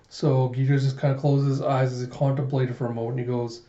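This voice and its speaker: A man hosting his own channel, summarizing a manga chapter by chapter in a relaxed, casual way, full of "he's like.". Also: mid-range voice, quick pace, few pauses. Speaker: host of a manga review channel. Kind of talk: casual manga read-through. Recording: dull echoey room recording.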